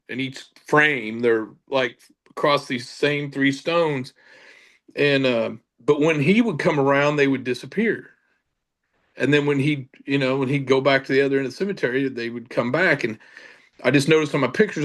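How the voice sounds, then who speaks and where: A man's voice: mid-range voice, fairly bright tone. A middle-aged man, a paranormal investigator, telling a casual story with many fillers and restarts.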